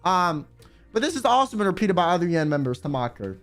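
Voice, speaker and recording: A man's voice: high voice, fast talker, faint music behind. A young man streamer giving casual, joking commentary with lots of swearing. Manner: animated, profane, joking.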